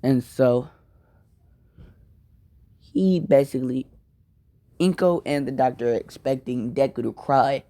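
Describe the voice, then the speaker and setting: Slow, rambling young man telling a story. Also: medium pitch, steady tone, mellow, no room sound. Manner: rambling, filler-heavy, apologetic asides. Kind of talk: casual spoken fan-fiction retelling.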